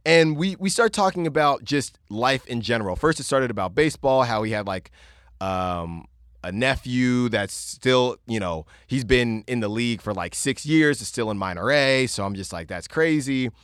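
A man's voice: mid-range voice, moderate pace, clear, resonant tone, no echo, clean studio sound. A young man hosting a podcast, telling a vacation story casually with lots of fillers and restarts. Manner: rambling, lots of filler words and restarts, animated retelling. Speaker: podcast host.

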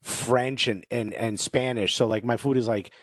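A man's voice: medium pitch, normal speed, no room sound, studio quality. A man of Cuban heritage co-hosting a casual chat, telling stories with lots of "you know" and acted-out quotes. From Cuban-American background. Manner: animated storyteller, acts out quoted voices, many "you know"s. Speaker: podcast co-host.

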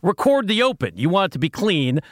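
Brief: middle-aged male radio host, higher voice that swings a lot, wry storyteller, dry studio. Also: a little fast, no echo. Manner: animated storyteller, wry and jokey. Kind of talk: casual sports radio banter.

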